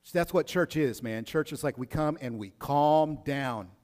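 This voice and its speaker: A man's voice: fairly high pitch, moderate pace, a little mellow, long reverb tail. A male pastor preaching a sermon in a casual, slangy way, sometimes acting out the people he talks about.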